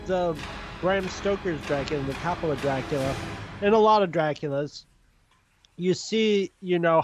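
A man casually discussing vampire films in a measured, thoughtful way. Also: high-pitched.

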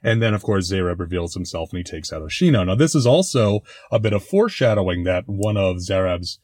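A man's voice: sits low, sing-song, brisk, a little mellow, dry recording. A man hosting a casual commentary, reviewing a TV episode in a wry, chatty way with frequent restarts and dry asides. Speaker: podcast host reviewing a TV episode.

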